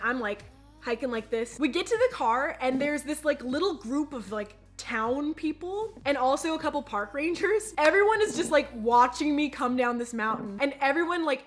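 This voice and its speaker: A young woman telling a storytime vlog to the camera, chatty and animated, talking straight to her viewers. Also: high-pitched. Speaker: vlogger.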